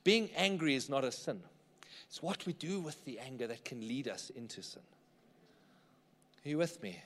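A man's voice: mid-range voice, lively intonation, normal speed, a bit bright, in a large hall. A man preaching a sermon in church, conversational and often checking in with the congregation. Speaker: pastor.

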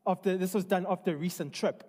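A man's voice: high-pitched, quick pace, darkish tone. A man preaching a sermon in a church hall, earnest and conversational, often restarting his sentences. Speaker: pastor.

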